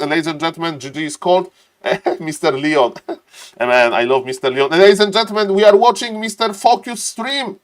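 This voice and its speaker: An excitable man casts a strategy game live, with a somewhat high voice. He chats with viewers between plays and laughs often. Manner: excitable, laughs often, repeats "ladies and gentlemen". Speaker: game caster and streamer. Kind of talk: live esports commentary and chat reading.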